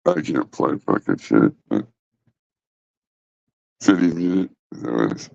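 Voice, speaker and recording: A man's voice: very deep voice, expressive, slow, vocal fry, darkish tone, dry recording. A man hosting a casual livestream from his phone, rambling and swearing bluntly. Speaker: livestream host. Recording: dull lo-fi phone audio.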